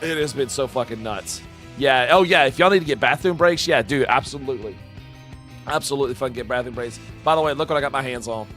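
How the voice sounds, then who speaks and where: Bright, hyped-up male streamer. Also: medium pitch, quick pace, faint music behind. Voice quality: loud, profane, hyped-up delivery. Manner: swings between quiet, heartfelt asides and loud whoops. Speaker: live-streamer reacting to game announcements. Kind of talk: excited live-stream chat. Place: home streaming room with shelves of games.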